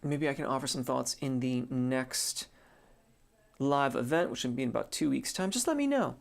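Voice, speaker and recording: A man, a singing teacher, answers viewers' questions in a relaxed live stream, thinking aloud with many fillers. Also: medium pitch, moderate pace, vocal fry. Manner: reads viewer comments aloud and answers them. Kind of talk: casual live-stream chat.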